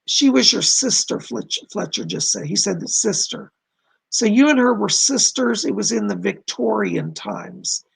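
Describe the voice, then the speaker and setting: A man doing live psychic readings on a stream, talking in a gentle, reassuring, chatty way to his viewers, and his voice is going hoarse. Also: high voice, expressive, unhurried. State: losing his voice.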